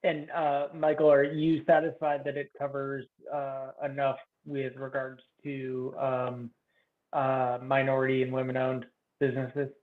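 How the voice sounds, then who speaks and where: A man's voice: mid-range voice, completely flat delivery, measured pace, narrow, tinny audio. A man on a transit board asking brief questions during a meeting. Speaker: board member.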